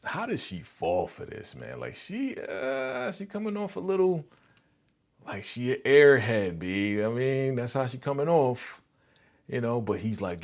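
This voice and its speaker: A man's voice: medium pitch, unhurried. A young man hosting a live reaction stream, retelling scenes animatedly and answering viewer comments in casual chat. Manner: animated retelling of scenes, acting out characters' lines.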